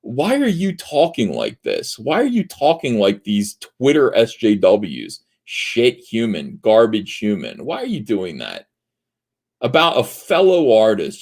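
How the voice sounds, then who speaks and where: A man hosting a livestream in a heated, profanity-laced commentary rant. His pitch swings widely as he talks, and he fills the gaps with frequent "uh" pauses. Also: wildly swooping pitch, vocal fry, a little mellow. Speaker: livestream host.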